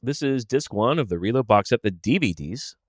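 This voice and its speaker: A man's voice: medium pitch, animated, brisk. A man hosting a solo podcast, chatting casually and rambling as he thinks aloud. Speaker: podcast host.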